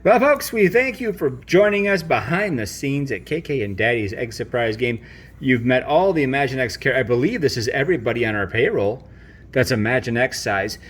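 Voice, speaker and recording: Playful dad hosting a toy video. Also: male voice, mid-range voice, normal speed, breathy edge. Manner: jokey and animated, mock-pompous. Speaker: host. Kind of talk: playful family video, introducing toys.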